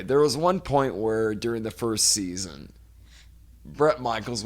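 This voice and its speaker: A man in his forties co-hosting a podcast, telling a long profane story in casual chat. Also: lowish voice. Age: 40s. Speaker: podcast co-host.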